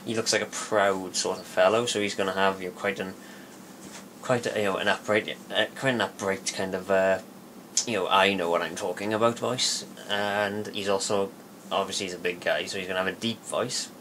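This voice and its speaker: A man giving a casual spoken tutorial, rambling and halting with many fillers and restarts. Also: low-pitched, little pitch movement, fairly bright tone, slight background noise. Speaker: video tutorial maker.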